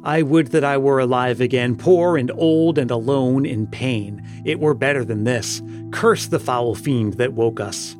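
A harsh, bitter ghost of a dead peasant man, as a man puts him on, railing from his grave in an even middle voice. Clear music plays behind the storybook reading. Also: medium pitch, measured pace, hardly any pauses, lightly acted.

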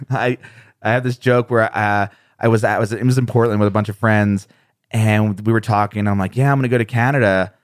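An American man talks casually as a podcast guest, laughing often as he pokes fun at himself. His voice sits at an ordinary middle pitch. It is recorded close and dry, with no room sound. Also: dry recording. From United States. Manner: laughs often, self-deprecating storytelling. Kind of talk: casual conversation.

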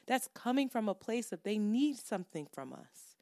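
Woman podcast co-host, casual storyteller, swearing freely, lively up-and-down delivery, dead-dry booth sound. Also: fairly high pitch, moderate pace, no echo. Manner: animated, profane, builds to heated.

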